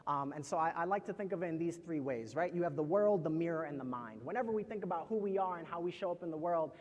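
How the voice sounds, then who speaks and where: Male storyteller, high register, casual crowd-facing talk, long reverb from a college hall. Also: expressive, quick pace, muffled recording. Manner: loose and conversational, addresses the crowd directly. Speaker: storyteller and poet. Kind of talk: casual talk to a live audience.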